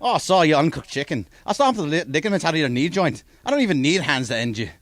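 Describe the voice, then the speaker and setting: A man's voice: fairly high pitch, sing-song, quick pace, fairly bright tone, dry recording. A man doing a trash-talking Irish fighter. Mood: taunting. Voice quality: put-on Irish brogue. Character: brash Irish fighter taunting a rival, adult man.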